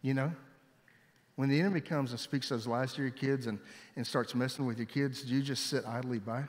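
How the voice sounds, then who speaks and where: A man preaching a sermon, telling stories with lively delivery and raising his voice when he quotes people. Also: medium pitch, a little fast. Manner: animated storytelling, voice jumping up for quoted shouts. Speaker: pastor. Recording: long hall reverb.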